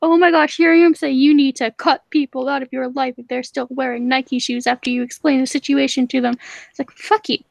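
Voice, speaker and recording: A woman co-hosting a podcast in casual chat, sarcastic and animated, laughing often. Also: high-pitched, fairly quick, creaky, no echo. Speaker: podcast co-host.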